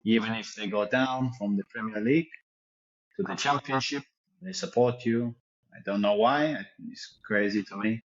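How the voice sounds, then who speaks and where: A man's voice: fairly low pitch, normal speed, lo-fi sound, close to an everyday voice. A man voicing a boastful fake French football star, with a put-on French accent that slips into Yorkshire and a pompous, crude manner. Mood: scornful. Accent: put-on French accent slipping into Yorkshire. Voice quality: pompous, crude, self-satisfied bragging. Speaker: podcast co-host doing an impression.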